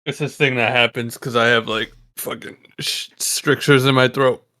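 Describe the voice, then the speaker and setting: A man chatting as a podcast guest with a bright, forward voice. He keeps it laid-back and casual and swears now and then. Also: medium pitch, steady tone, moderate pace. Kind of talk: casual chat.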